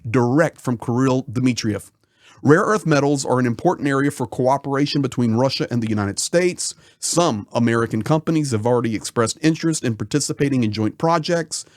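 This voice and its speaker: A man's voice: mid-range voice, darkish tone, no echo, clean studio sound. A man hosting a political commentary channel, talking indignantly and emphatically, repeating words for effect.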